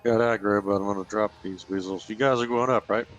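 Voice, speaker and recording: Low-voiced man, playful gaming-stream guest, music plainly audible beneath. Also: fairly even intonation, fairly quick, fairly bright tone, highs cut off. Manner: joking, quotes films. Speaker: guest player. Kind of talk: casual gameplay chat.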